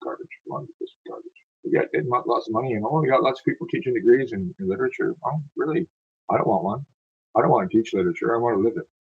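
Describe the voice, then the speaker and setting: A man's voice: medium pitch, very fast, slightly rough, phone-quality sound. A man reading poetry aloud and breaking off into rambling, digressive asides. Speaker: poetry reader.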